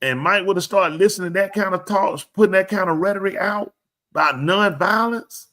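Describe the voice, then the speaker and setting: A man talks animatedly on a live show, pressing every point hard. His voice is bright and sits a little high. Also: fairly quick. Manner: animated, emphatic storyteller. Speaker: show host. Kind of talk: live show casual talk.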